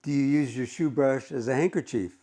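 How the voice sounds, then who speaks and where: A male teacher reading the lines of a cheeky, sarcastic old woman on a park bench, raising his pitch a little for her. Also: brisk, warm tone, natural voice. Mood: teasing. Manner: sarcastic, teasing.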